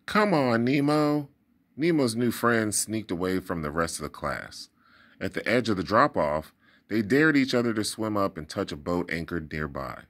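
A man narrating a children's storybook aloud with expressive, dramatic delivery. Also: low voice, normal speed. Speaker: storybook reader.

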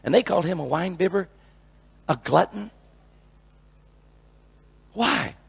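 A man's voice: sits high, animated, slow pace, vocal fry, husky. A male preacher teaching a sermon in an emphatic way, often repeating phrases and restarting his sentences.

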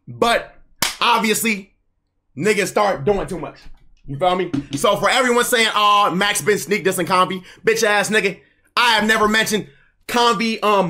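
A man's voice: high-pitched, pushed and bright, a little hiss or hum. A young man streaming, ranting in casual, profane, heated slang. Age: young adult.

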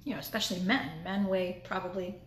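A woman speaker telling a motivational story, animated, acting out her own inner voice as she goes. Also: medium pitch, fast. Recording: echoey room with faint noise.

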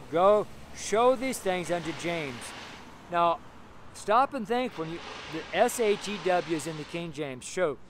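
A man's voice: fairly high pitch, slight background noise. A man giving a fervent street sermon, acting out Bible scenes in voices. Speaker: street preacher.

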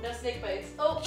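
Woman, 30s, high and lively, playful swearing vlogger; roomy room, faint music. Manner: playful, goofy, swearing, sudden loud outbursts. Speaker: vlogger host. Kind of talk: casual comedic vlog chat.

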